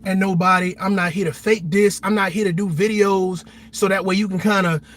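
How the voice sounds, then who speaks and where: An army veteran hosting a livestream, talking passionately in a blunt, repetitive, profane way. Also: male voice, high-pitched, fairly even intonation, fairly quick, a bit bright. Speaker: livestream host.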